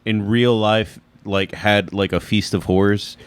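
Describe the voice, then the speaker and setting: A man's voice: fairly low pitch, fairly even intonation, unhurried, clean tone. A man co-hosting a podcast in casual chat, joking and a little hesitant. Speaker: podcast co-host.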